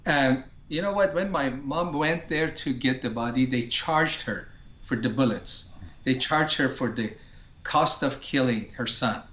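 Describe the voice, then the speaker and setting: A man's voice: mid-range voice, unhurried, pushed and bright, echoey room, muffled recording, slight background noise. A man from Iran, a ministry founder, tells his personal testimony in a talk show interview in an earnest way and acts out his prayers.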